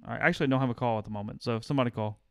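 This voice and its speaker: A man's voice: medium pitch, rapid-fire, gravelly, no echo, studio quality. A man co-hosting a sports call-in show, chatting and wisecracking while juggling callers. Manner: animated, wisecracking. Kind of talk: casual chat.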